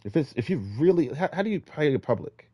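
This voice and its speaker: A man giving casual, rambling street-preaching advice, exhorting listeners with many restarts, swinging between loud emphatic bursts and low mutters. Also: sing-song, quick pace, dry recording.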